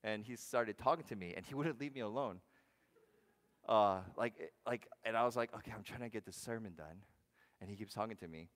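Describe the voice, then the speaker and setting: A man pastor giving a conversational sermon, asking the congregation questions and swinging between loud, punchy lines and hushed ones. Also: lowish voice, brisk. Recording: long hall reverb.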